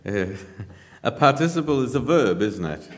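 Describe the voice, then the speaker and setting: A man preaching a sermon, teaching in a measured way with frequent "uh" fillers and dry humour. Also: medium pitch, big pitch swings.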